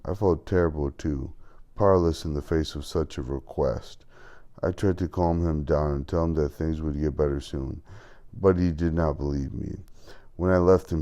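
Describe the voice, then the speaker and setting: A man reads an audiobook in the first person. His voice is very deep and dark. He keeps a measured pace and stumbles on a word now and then. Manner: measured first-person reading with small slips. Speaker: audiobook narrator. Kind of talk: scripted narration.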